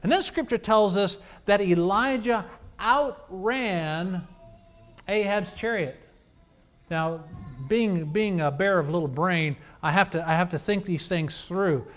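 A man's voice: sits high, slow pace. A man preaching a sermon, telling a scripture account in a conversational, storytelling way.

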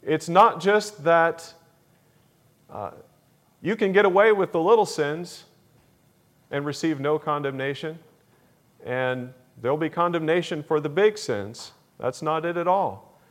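Man preaching, slow measured delivery, slightly high voice, emphatic repetition. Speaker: pastor. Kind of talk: sermon.

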